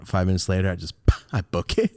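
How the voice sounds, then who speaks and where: Animated, profane young man telling a story. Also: heavy background noise. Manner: animated, profane, swinging wildly in pitch. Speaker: podcast host. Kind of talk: casual storytelling.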